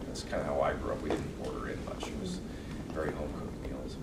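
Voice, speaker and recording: A man answering fan questions at a convention panel in a relaxed, joking way, with lively swings in pitch. He is heard from a distance in a large echoey hall. Steady background noise sits under his voice. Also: quick pace. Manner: joking, animated, does accent impressions. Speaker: actor, convention panel guest. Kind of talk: casual storytelling Q&A.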